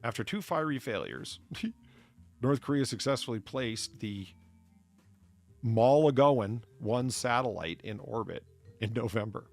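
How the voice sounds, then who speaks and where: A man's voice: medium pitch, expressive, unhurried, creaky, pauses often, soft background music. A man co-hosting a casual chat show, rambling and profane as he riffs on trivia. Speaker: podcast co-host.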